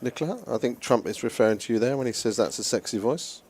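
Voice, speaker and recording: A man's voice: mid-range voice, animated, fast, darkish tone, husky. English man doing live poker commentary. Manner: chatty, joking banter.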